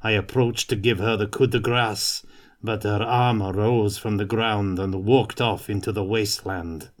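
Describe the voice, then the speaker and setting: A man's voice: fairly low pitch, steady tone, a little slow, natural voice. A man voicing a sickly, fearful little soldier who speaks grimly and plainly.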